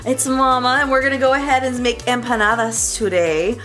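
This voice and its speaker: A woman's voice: on the high side, fairly even intonation, a little fast, a bit bright, faint music behind. A woman chatting and giggling through a casual cooking livestream, greeting her chat.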